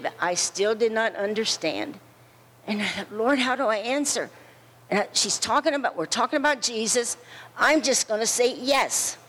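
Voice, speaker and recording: Slow, earnest woman sharing a memorial testimony. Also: a little high, fairly bright tone, a little hiss or hum, poor audio. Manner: earnest, slow and repetitive storytelling. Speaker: friend giving a tribute. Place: memorial service.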